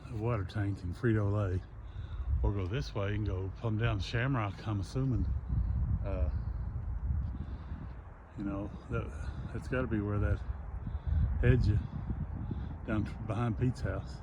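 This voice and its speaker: A man's voice: on the low side, steady tone, a little slow, pauses often. Rambling man filming a hilltop hike. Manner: rambling, folksy, pointing out landmarks. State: out of breath from climbing. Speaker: hiker filming his walk. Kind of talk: casual handheld vlog narration. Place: outdoors on a hillside. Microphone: phone held by the speaker. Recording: outdoor phone recording with noise.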